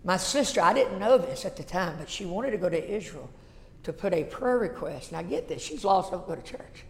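A man, a pastor telling a folksy story in a sermon that builds to shouted passion. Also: high-pitched, expressive, normal speed, creaky. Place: church sanctuary. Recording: echoey church hall.

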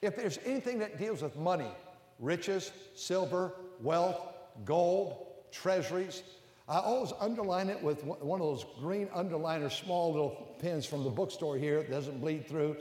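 Older preacher man booming in an echoey hall. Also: lively intonation, normal speed. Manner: rising to loud emphatic peaks, then dropping low and intimate. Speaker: pastor. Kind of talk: sermon. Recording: echoey hall with long reverb.

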